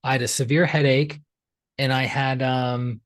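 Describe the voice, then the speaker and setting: A man's voice: mid-range voice, normal speed, no room sound. Chatty man telling a story, dry sound. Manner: chatty and animated, acts out quoted dialogue, many "like" fillers. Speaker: pranic healer, podcast guest. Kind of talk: storytelling in a conversational interview.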